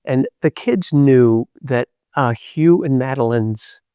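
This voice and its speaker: A man's voice: mid-range voice, slow, clear, resonant tone, no room sound. Man telling a playful spiritual story, dry sound. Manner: animated, playful storyteller with frequent hesitations. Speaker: podcast host.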